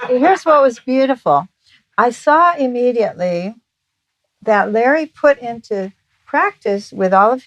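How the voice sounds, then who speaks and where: A woman's voice: a little high, no room sound, low-quality recording. Woman telling a candid marriage story. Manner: candid, confessional, lively quoted dialogue. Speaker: speaker on relationships. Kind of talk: personal storytelling talk.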